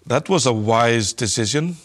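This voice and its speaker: A man voicing a smooth-talking, greedy male space trader in a storybook reading, with a sly, wheedling patter. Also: medium pitch, animated, measured pace. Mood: smug.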